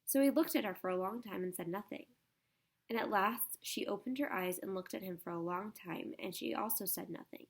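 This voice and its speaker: Female audiobook narrator, mid-pitched, gravelly, measured. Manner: soft, measured storytelling. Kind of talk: storybook narration.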